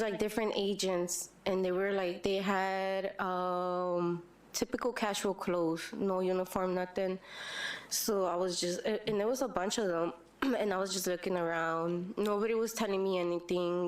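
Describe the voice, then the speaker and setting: Young adult woman, witness at a hearing, hesitant and halting, mid-range pitch. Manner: halting, many fillers and restarts. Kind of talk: public hearing testimony.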